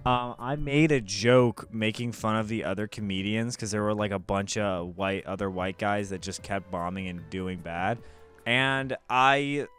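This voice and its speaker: A man's voice: fairly low pitch, a little slow, fairly bright tone, clean tone, soft background music. A young man giving candid, self-critical commentary on his own stand-up set. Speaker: vlogger.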